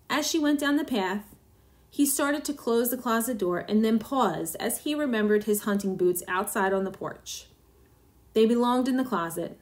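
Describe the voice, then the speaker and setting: Brief: female story reader, mid-pitched, steady measured narration. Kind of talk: storybook reading.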